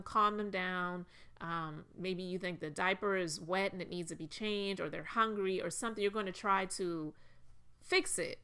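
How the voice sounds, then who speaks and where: A woman's voice: medium pitch, pushed and bright, smooth. A woman giving a casual commentary monologue, talking in an earnest, emotional and personal way.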